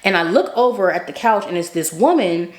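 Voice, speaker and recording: Fast-talking woman in an echoey room. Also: on the low side, animated. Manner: chatty, filler-heavy, asks "right?". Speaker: faith vlogger. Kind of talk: casual storytelling.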